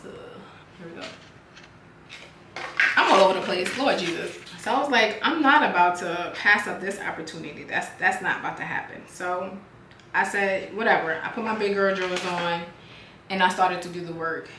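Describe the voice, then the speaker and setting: With a voice on the low side and a normal speed, a woman chats with her viewers as she does her makeup. She's an animated, chatty beauty vlogger and business owner who treats her audience like friends. Background noise, room echo, and faint music are audible.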